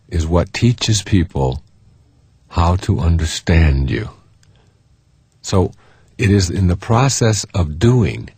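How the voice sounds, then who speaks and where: Low husky earnest male speaker. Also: a little mellow, no echo. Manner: earnest, conversational, with fillers and repeated phrases. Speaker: self-help speaker. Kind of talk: recorded self-help talk.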